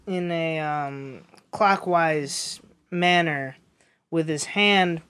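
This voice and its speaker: A man's voice: fairly high pitch, extremely slow, fairly bright tone, smooth. A young man telling a rambling story in casual chat, with lots of fillers and restarts.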